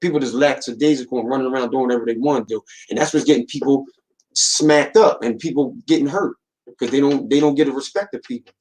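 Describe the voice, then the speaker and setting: In a rough recording, a young podcast co-host with a medium-pitched, darkish voice talks fast and casually. He is slangy and emphatic, frequently repeating himself as he drives his point home.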